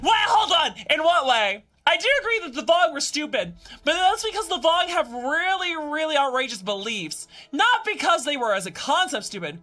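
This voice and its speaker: A high, bright-toned woman chats with her live-stream audience, her pitch leaping up and down as she bursts into playful, exasperated shouts. Her delivery is excitable and lively. Soft music plays faintly behind her. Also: moderate pace, few pauses. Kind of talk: casual live-stream chat with viewers.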